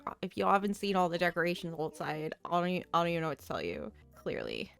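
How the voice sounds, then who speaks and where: A woman's voice: on the low side, big pitch swings, fast talker, vocal fry, a bit bright, soft background music. A young woman hosting a gaming channel, chatting playfully through casual gameplay commentary and reading game dialogue aloud.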